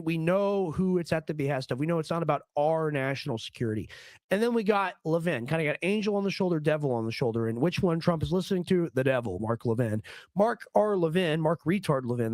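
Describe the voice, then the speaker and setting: A man hosting a casual political commentary stream, joking and rambling, his voice a little hoarse. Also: fairly high pitch, a little mellow, dry recording. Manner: joking, rambling, does comic impressions. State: slightly hoarse. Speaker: stream host.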